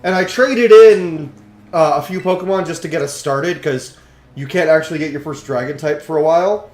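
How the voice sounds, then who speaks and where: A man giving jokey, excitable commentary while playing a video game, now and then swearing. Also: fairly high pitch, moderate pace. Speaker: let's play host. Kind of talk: casual gameplay commentary. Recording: roomy echo, faint game music. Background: faint game music.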